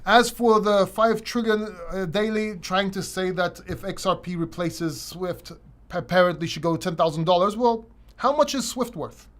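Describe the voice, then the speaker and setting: Male host, high voice, loose rambling livestream Q&A delivery with lots of restarts. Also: normal speed, a bit bright. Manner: casual, rambling, frequent restarts. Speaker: crypto channel host.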